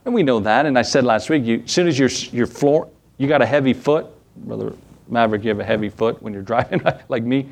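A man in his thirties preaches a relaxed sermon, reading scripture and turning to the congregation with rhetorical questions. His voice sits in an ordinary middle register. He chuckles often and keeps a homespun tone. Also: mid-range voice, fast, creaky.

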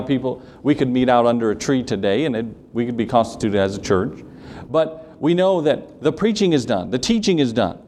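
A man's voice: medium pitch, darkish tone. A man preaching a sermon as pastor, emphatic and repetitive, putting questions to his congregation.

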